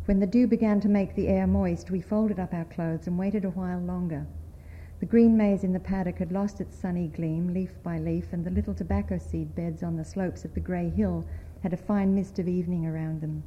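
A woman writer from the United States, reading a story aloud at a panel in a measured, expressive way. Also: on the low side, highs cut off, a little hiss or hum.

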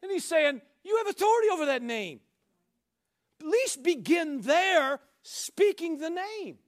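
High-voiced man preaching a fiery sermon. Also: big pitch swings, a little slow. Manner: emphatic, rising to shouts, repeats rhetorical questions. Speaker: pastor.

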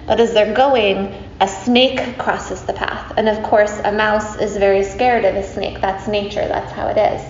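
A woman's voice: mid-range voice, steady tone, measured pace, hardly any pauses. A woman teacher telling a story to a group in a chatty, playful way, with many fillers and asides to her listeners. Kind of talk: casual spoken storytelling. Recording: roomy, slightly dull recording with faint hiss.

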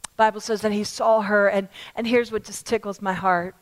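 A woman preacher delivering a sermon to a congregation, emphatic and repetitive, swinging from loud appeals to hushed words. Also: medium pitch, fairly even intonation, moderate pace, low-quality recording. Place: church service.

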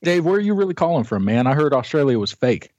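A man's voice: a little high, big pitch swings, quick pace, darkish tone, no echo. A man co-hosting a podcast, mocking and interjecting in comedic banter, on a dull, muffled mic.

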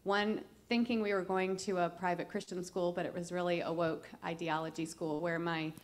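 A woman's voice: lowish voice, level tone, normal speed. Earnest woman asking a long question. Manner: earnest, concerned, long run-on explanation. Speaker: audience member asking a question. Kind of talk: question from the floor at a church event.

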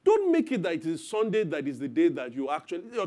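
A man in his thirties preaching a sermon as pastor, lively and acting out parents and children in quoted voices. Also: on the high side, brisk, few pauses.

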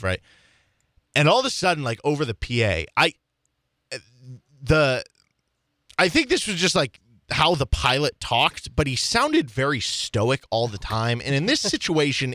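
A man's voice: medium pitch, a bit bright, no echo, clean studio sound. Chatty young male sports radio host. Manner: chatty, self-deprecating storytelling with laughs. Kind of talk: casual sports talk radio. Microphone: studio microphone.

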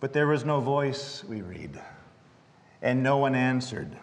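A man preaching a sermon, reading scripture aloud and then preaching with dramatic pauses and wry asides. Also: mid-range voice, big pitch swings. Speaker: pastor. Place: church sanctuary. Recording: long church reverb.

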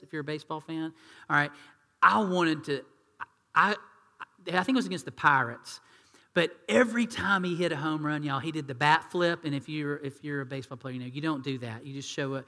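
A man preaching a sermon, animated and acting out quoted voices in hushed tones. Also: on the high side, big-room sound. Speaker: pastor.

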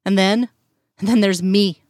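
A woman's voice: medium pitch, steady tone, measured pace, a little mellow, dry recording, clean studio sound, close to an everyday voice. Bitter dead male agent, accusing and harsh; woman reader in her own voice.

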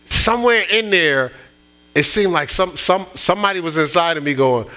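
A man delivers a sermon in a bright, forceful voice, telling a personal story. He stumbles over restarts and pushes up into emphatic bursts. A low mains hum sits under the recording. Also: animated, normal speed. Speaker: pastor.

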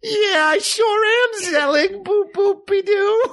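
A man voicing a shy chameleon man who mimics a flapper girl, in a shrill, strained falsetto with singsong scatting. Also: slow pace, creaky, fairly bright tone, heavily acted. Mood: giddy.

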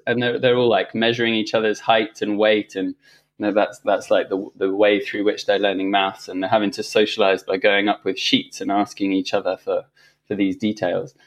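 A man, a podcast guest, telling a personal story in casual conversation, animated and reflective, often restarting his sentences and laughing. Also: fairly low pitch, moderate pace.

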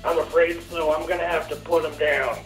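A man's voice: fairly high pitch, fairly even intonation, brisk, faint music behind, low-quality recording. A man on a call-in show giving short, matter-of-fact replies to the host. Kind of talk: casual call-in chat.

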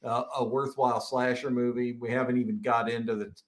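A man with a mid-range voice chats loosely and enthusiastically on a podcast, circling back on himself with fillers as he goes. His talk is relaxed and conversational throughout. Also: medium pitch, fairly quick. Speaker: podcast co-host. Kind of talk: casual chat.

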